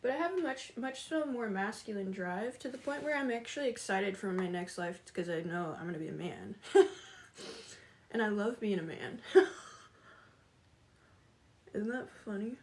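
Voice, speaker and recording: A woman's voice: medium pitch, animated, normal speed, long pauses. A woman chatting casually with viewers on a livestream, laughing often and greeting them by name.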